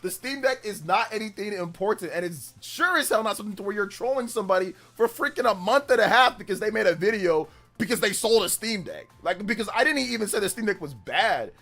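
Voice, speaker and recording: A man's voice: high-pitched, expressive, brisk, hardly any pauses, bright, forceful tone. Exasperated man ranting on a livestream. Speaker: livestream host. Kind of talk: casual livestream chat.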